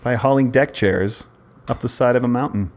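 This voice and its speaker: A man's voice: medium pitch, moderate pace. A man in his forties, a podcast co-host, telling a long rambling story in casual chat, often breaking off and restarting. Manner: rambling, self-interrupting storyteller.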